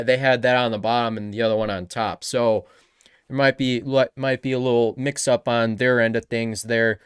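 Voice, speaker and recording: A man's voice: medium pitch, steady tone, normal speed, smooth, no room sound, studio quality. A man streaming a live reaction, talking casually and rambling with frequent backtracking.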